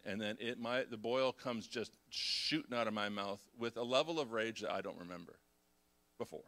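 A middle-aged man, a pastor preaching a confessional sermon who swings between hushed reflection and loud, animated storytelling. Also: mid-range voice, moderate pace.

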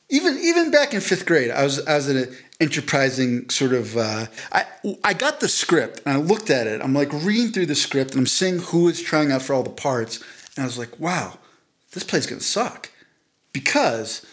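A man on a podcast spins a long story in a loose, rambling way. He keeps restarting sentences and pokes fun at himself. His voice sits at an everyday middle pitch. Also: a bit bright. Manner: rambling, self-deprecating, frequent restarts and fillers. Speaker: podcast co-host. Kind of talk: casual chat, storytelling.

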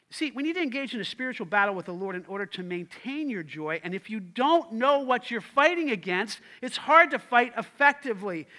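High, bright-voiced preaching man. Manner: emphatic preaching that repeats key lines and calls on the congregation. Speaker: pastor. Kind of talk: sermon.

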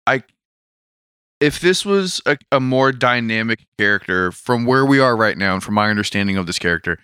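Smooth-voiced man musing on a podcast. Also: medium pitch, expressive, normal speed, pushed and bright, dry recording, studio quality. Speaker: podcast co-host. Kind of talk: casual chat discussing a manga.

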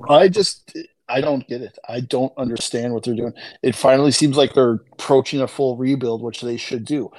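A man's voice: medium pitch, normal speed, a little mellow, no echo, rough recording. Exasperated man venting about sports trades. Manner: exasperated, incredulous sports commentary. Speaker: podcast co-host. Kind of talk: casual chat.

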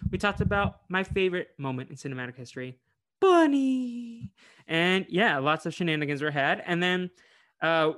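Man, podcast host, casual chat, playful, somewhat high pitch. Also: a bit bright. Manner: chatty, quick, playful plugs.

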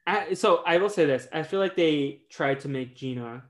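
Podcast cohost dude, casual and jokey, tosses in lots of likes and ums. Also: male voice, fairly high pitch. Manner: fast, loose, jokey talk with many fillers. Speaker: podcast co-host. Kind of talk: casual chat.

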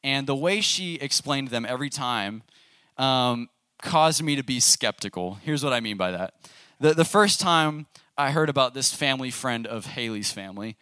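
A young man preaching to a youth service in a loose, conversational way and asking the room questions. His voice is bright and forward. The recording is close and dry. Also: mid-range voice, lively intonation, normal speed, smooth, no echo. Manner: casual, asks the audience questions. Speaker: youth pastor. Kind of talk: conversational sermon.

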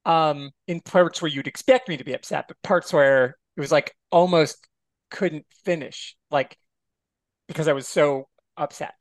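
A man's voice: on the high side, unhurried, no room sound. A man guesting on a podcast, chatting casually and expressively and swearing freely. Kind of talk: casual chat.

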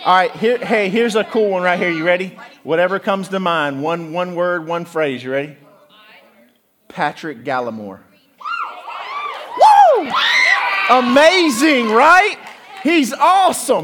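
A young man giving a lively youth ministry talk, telling stories and drawing the crowd into call-and-response. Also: sits high, a little slow, noisy background. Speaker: youth speaker.

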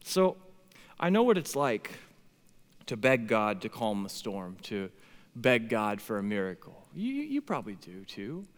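A man in his thirties preaching a sermon as a pastor, animated, swinging from hushed tones to near shouting. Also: fairly low pitch, measured pace. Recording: long hall reverb.

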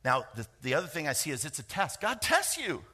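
A middle-aged man preaching a sermon, lively and joking, with quick asides to the congregation. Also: a little high, breathy edge. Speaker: pastor.

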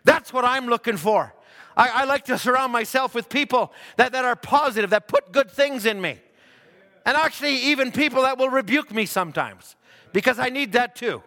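High, bright-voiced preacher in a reverberant hall. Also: male voice, normal speed. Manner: earnest, with frequent stammered restarts. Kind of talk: sermon.

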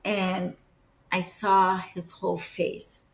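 A woman's voice: fairly low pitch, flat delivery, slow pace. A woman guest earnestly recounting a personal experience, at times searching for words. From Egypt. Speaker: interview guest. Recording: echoey room.

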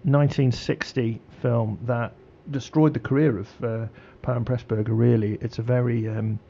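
Gravelly-voiced radio host. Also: male voice, mid-range voice, steady tone, dark tone, dull audio. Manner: halting, many fillers and restarts. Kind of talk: casual radio chat.

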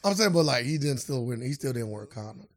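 A man's voice: mid-range voice, animated, fast, no room sound, clean studio sound. A man co-hosting a podcast in casual chat, teasing his partner and joking around. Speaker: podcast co-host.

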